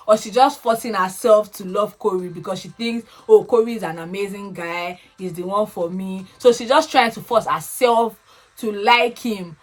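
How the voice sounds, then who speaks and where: A young woman chatting casually, recapping a reality show with animated, expressive swings into high excited tones.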